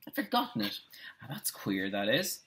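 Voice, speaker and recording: A male teacher voicing a grumpy, deaf old caretaker in a read-aloud story, shouting and scornful. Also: fairly low pitch, huge pitch swings, normal speed, heavily acted. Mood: grumbling.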